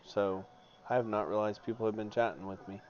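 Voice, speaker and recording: A sleepy, yawning man streaming a game, mostly mumbling quietly to himself as he plays, with sudden loud laughing bursts. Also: fairly low pitch, steady tone, a little fast. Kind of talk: casual gameplay commentary. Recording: dull lo-fi stream audio, faint noise.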